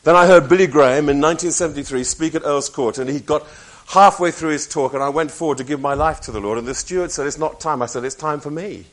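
A man's voice: fairly high pitch, quick pace, few pauses. A man in his sixties, a preacher, giving a personal testimony with wry, self-mocking humor.

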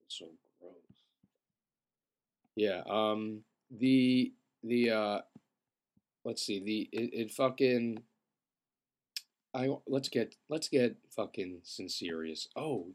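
A young man who feels sick, telling a rambling, profane comedic story and often clearing his throat. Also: fairly low pitch, takes it slowly, pauses often. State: feeling sick. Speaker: podcast host.

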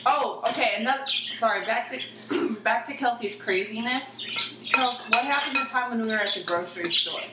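A woman's voice: on the high side, moderate pace. A woman chatting at a meal, talkative and full of stories. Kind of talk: casual chat at a meal. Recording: echoey room, noisy, mic far off. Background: clattering dishes and cutlery.

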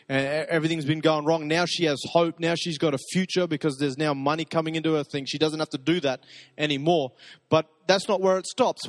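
Guy preaching, chatty storytelling, voice a bit on the high side, dry sound. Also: no room sound. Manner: conversational storytelling, soft intimate repetitions. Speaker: pastor. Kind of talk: sermon.

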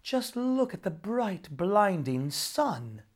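A woman's voice: mid-range voice, big pitch swings, slow, voice pushed up. A woman voicing a clever young wife who talks sweetly and soothingly, in a storybook reading. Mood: teasing. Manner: sugary and soothing.

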